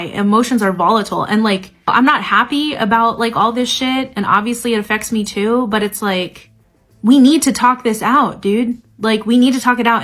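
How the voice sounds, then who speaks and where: A woman's voice: fairly high pitch, a bit bright. A woman giving an angry, emphatic political rant to her phone camera as a TikTok creator, swearing often.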